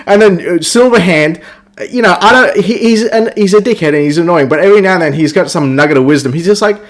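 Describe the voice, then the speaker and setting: A man's voice: expressive, fast. A man on a podcast, ranting about a video game in a crude, profane, mocking way. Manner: crude, swears constantly, mocks characters in squeaky voices. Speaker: podcast host reviewing a game. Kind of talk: casual profane rant.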